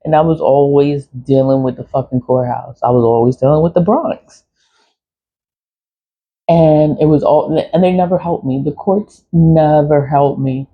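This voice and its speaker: A woman's voice: low voice, a little slow, husky. A middle-aged woman, telling a personal story in a blunt, swearing, venting way with laughs. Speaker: vlogger. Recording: dull lo-fi audio.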